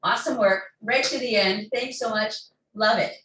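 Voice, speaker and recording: A woman's voice: on the high side, normal speed, fairly bright tone, a little hiss or hum. A woman fitness instructor talking a class through stretches and breathing, with encouraging cues and playful asides. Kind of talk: guided workout cues. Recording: echoey room, mic far off.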